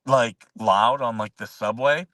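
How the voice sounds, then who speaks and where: Rambling man telling a story, bright voice. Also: mid-range voice, a little slow, no echo, recorded from a distance, low-quality recording. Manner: rambling, lots of "like" and restarts. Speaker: show host. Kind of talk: casual storytelling chat.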